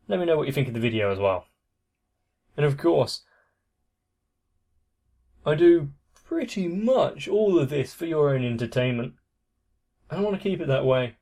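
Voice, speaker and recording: A man's voice: mid-range voice, expressive, normal speed, long pauses, darkish tone. A young man hosting an anime reaction channel, giving casual, thoughtful commentary that trails off at the ends of phrases.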